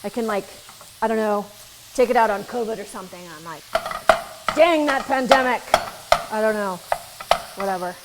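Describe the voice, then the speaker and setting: A woman's voice: medium pitch, fairly even intonation, fairly quick, creaky, long pauses. A woman chef giving a casual cooking demonstration in a kitchen, chatty and joking, with asides to the viewers. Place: kitchen at the stove. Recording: sizzling pan noise behind the voice.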